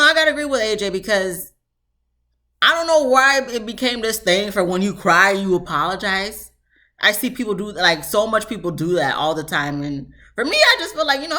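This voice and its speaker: Woman, casual show review, lively swooping pitch, lots of fillers. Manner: chatty, animated, lots of "you know" fillers.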